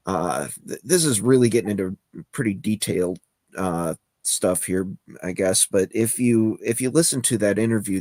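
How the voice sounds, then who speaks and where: A man's voice: fairly low pitch, a little mellow, no room sound, studio quality. A man co-hosting a talk show, explaining things in a rambling way. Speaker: co-host. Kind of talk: casual chat.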